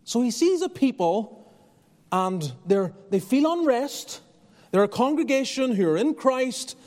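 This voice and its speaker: A man's voice: very high-pitched, very animated, measured pace, darkish tone, big-room sound. A man preaching a sermon as pastor, earnest and conversational, often restarting his phrases. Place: church.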